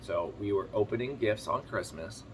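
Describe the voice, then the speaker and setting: A man chatting casually to camera as a farm vlogger, telling a rambling story quickly while sitting on his kitchen floor. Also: lowish voice, a little hiss or hum. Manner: rambling, fast-talking storyteller.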